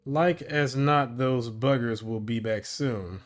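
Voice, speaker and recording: A man voicing a rough, scarred army officer who talks in a coarse, belligerent growl. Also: mid-range voice, takes it slowly, faint music behind, natural voice. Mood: gruff. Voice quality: rough, gruff.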